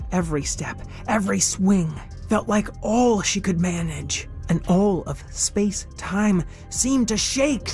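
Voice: mid-range voice, a little mellow. A narrator reading a scripted adventure story expressively, dropping into whispers at moments.

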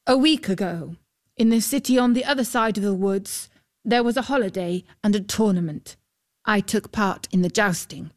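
A woman's voice: medium pitch, normal speed, lightly acted. A woman voicing an earnest young male knight in a storybook reading, with formal old-fashioned speech. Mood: recounting.

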